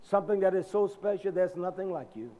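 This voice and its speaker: A man preaches a sermon with emphasis, speaking straight to his listeners and swinging between soft and loud delivery. His voice is high and brisk with lively intonation.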